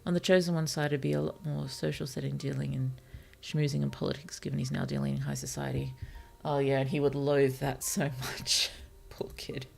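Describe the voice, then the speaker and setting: A woman streaming as a virtual author, thinking aloud about her novel in a hesitant, musing way, with many fillers and soft laughs. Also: rumbling low, level tone, a little fast, gravelly, hardly any pauses. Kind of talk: casual thinking-aloud livestream while writing.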